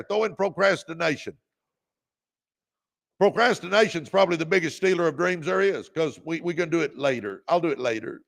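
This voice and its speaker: Fairly high in pitch and gravelly, this podcast host delivers motivational livestream talk with revved-up energy. His exhortations sound like a preacher's, and he calls out viewers by name.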